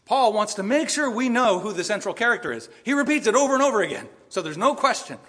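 A man preaching a sermon in a church, emphatic and swinging between loud and soft. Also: sits high, sing-song, fast, husky. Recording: long reverb in a large hall.

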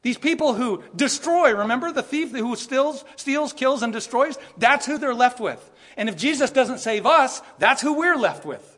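A man preaches a sermon with a high-pitched voice, rising into emphatic bursts and breaking into laughter as he drives his points home. His voice carries a long reverb, as if filling a large hall. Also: animated, normal speed, fairly bright tone. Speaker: pastor.

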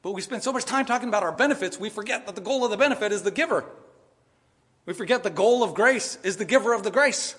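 Male preacher, sermon, bright ringing voice, emphatic, loud-soft swings, long church-hall reverb. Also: high-pitched, fast, slightly rough.

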